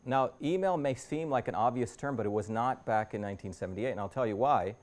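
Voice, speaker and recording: This invited speaker, a man in his fifties, lectures a university audience in a mid-range, darkish voice, talking fast. He guides them through his slides casually, restarting sentences and rewording things often.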